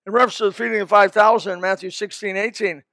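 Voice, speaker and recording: A man with a high voice preaches a sermon in a folksy, rambling way. He drifts into asides and restarts his sentences. The sound is dry and close. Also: fairly even intonation, fast, vocal fry, sharp tone, dry recording. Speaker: pastor.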